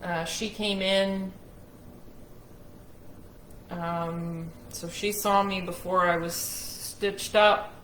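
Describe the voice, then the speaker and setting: A frank woman recounts her own experience in a slow, unhurried way, her tone bright and a bit sharp. She speaks candidly and unashamedly. The room around her rings with a roomy echo. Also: on the low side, little pitch movement, a little hiss or hum. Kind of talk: personal storytelling to camera.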